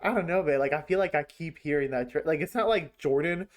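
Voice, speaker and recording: A man's voice: fairly high pitch, quick pace. A man hosting a reaction video, talking in a loose, slangy, chatty way. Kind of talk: casual reaction commentary.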